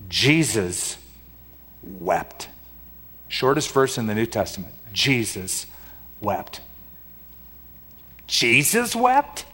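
A man preaching a sermon in a dramatic style, asking the congregation rhetorical questions. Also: a little high. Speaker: pastor. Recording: long hall reverb.

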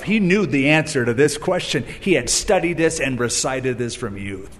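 A man preaching a sermon, animated and storytelling, who acts out the voices he quotes and breaks in with wry asides. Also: mid-range voice, moderate pace, in a large hall. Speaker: pastor.

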